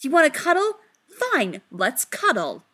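A woman voicing an anxious, excitable man who gets close to hysterical when flustered. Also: extremely slow, no room sound, full character voice. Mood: agitated. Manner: high-strung, rising to near-hysterical.

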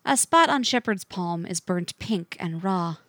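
A woman narrating a fiction story aloud with an expressive, varied delivery. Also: on the low side, unhurried, dry recording.

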